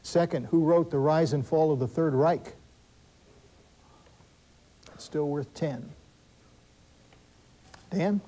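A man hosting a school quiz show, reading questions briskly and adding wry asides and corrections for the teams. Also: on the high side, warm tone, a little hiss or hum, rough recording. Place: television studio.

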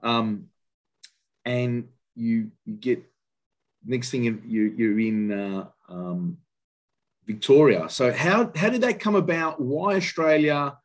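A man's voice: mid-range voice, takes it slowly. A man hosting an interview, asking questions with many restarts and fillers. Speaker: interviewer, host. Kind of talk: casual interview.

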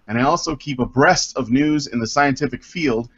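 A man's voice: medium pitch, moderate pace, few pauses, a bit bright, breathy edge. A man hosting a casual group podcast, reading a listener's letter aloud with jokey asides and frequent ums. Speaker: podcast host. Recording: dull lo-fi audio.

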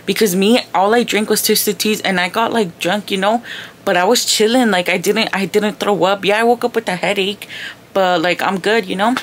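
At home in her bedroom, a young woman vlogger chats loosely with her viewers, often saying "like" and "girl" and mixing in Spanish words. Her medium-pitched voice is steady and moderately paced, with slight background noise.

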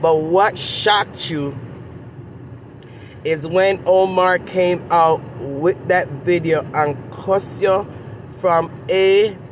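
A woman's voice: lowish voice, slight background noise, low-quality recording. Scolding Jamaican woman vlogger. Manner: scolding, repeats rhetorical questions, addresses the person directly. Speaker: commentary vlogger. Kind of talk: direct-to-camera commentary.

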